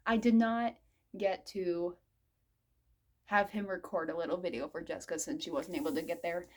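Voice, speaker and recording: A woman's voice: lowish voice, unhurried, long pauses. This is a young woman in her mid-twenties recounting a story for her vlog. She sounds giddy and fan-struck, breaking into laughter often as she rambles through her asides. Her delivery is casual and chatty throughout. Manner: excitable and giggly, laughs often while recounting; fangirling, rambling with many "I'm like" asides. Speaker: vlogger.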